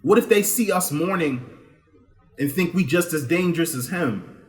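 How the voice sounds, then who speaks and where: A man reading his own poems in a rhythmic spoken word style that builds to loud, impassioned lines. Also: on the high side, animated, normal speed. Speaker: poet reading his work.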